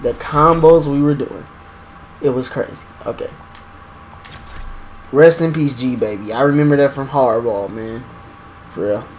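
A young man giving excitable live commentary while playing a game, exclaiming and talking to himself. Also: mid-range voice, measured pace, pauses often, slight background noise, poor audio. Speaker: gaming streamer.

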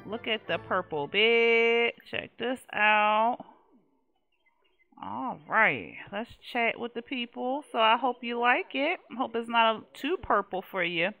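Here a young woman game streamer speaks on the high side, expressive and gravelly, taking her time. She laughs and chats casually while playing a life-simulation game and talking to its characters, Let's Play style, over narrow, tinny audio.

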